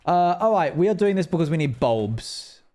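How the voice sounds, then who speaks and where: A man's voice: fairly high pitch, expressive, mellow. Chatty young man streaming a game. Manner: rambling, chatty, quick to laugh. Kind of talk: casual live-stream chat while playing.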